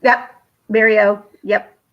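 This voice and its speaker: A woman's voice: medium pitch, flat delivery, slow pace, highs cut off. A woman in her thirties, tearful and emotional, chatting casually with viewers on a live stream. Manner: tearful, emotional, thanking chat by name. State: teary from crying. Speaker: livestream host.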